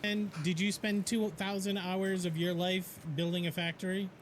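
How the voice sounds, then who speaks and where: A man's voice: high-pitched, flat delivery, normal speed, background noise. A man streaming live, chatting casually, joking, swearing and talking to his dog. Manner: playful, swears a lot, talks to his dog.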